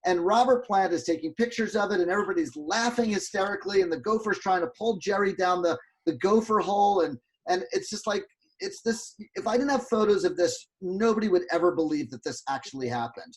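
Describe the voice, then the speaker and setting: A man's voice: high voice, a little fast, breathy edge. A man, a guest photographer, telling a rambling story with fillers and restarts on a video call. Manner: animated, lots of restarts and fillers.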